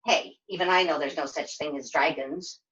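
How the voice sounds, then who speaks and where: A woman puppeteer voicing a chatty, excitable young girl who talks in quick, sassy bursts during a puppet show. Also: sits low, dull audio. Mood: sassy, excited. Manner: breathless, sassy, quick to exclaim.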